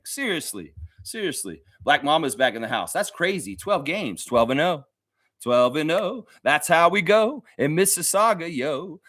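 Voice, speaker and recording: Animated, profane basketball streamer. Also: male voice, on the high side, dry recording, clean studio sound. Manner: animated, blunt and profane, laughs often. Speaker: host of a daily basketball livestream. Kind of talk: casual livestream commentary reading chat.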